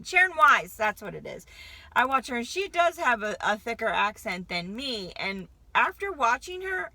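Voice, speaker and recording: Rambling hyper woman, gravelly and bright. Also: a little high, no room sound. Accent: light Southern US drawl. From Connecticut, US. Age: 50s. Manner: rambling, hyper, jumps between thoughts. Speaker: vlogger. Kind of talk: casual chat to camera.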